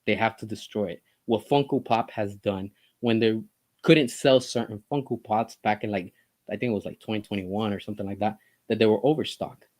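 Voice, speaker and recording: A man's voice: on the low side, brisk, a little mellow. A man giving an opinionated commentary monologue as a vlogger, talking in an impassioned, emphatic way full of rhetorical questions.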